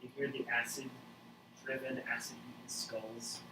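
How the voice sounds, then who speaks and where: Distant game master in a roomy space. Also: male voice, mid-range voice, little pitch movement, a little slow. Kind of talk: narrating a tabletop game. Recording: roomy, distant mic with background noise.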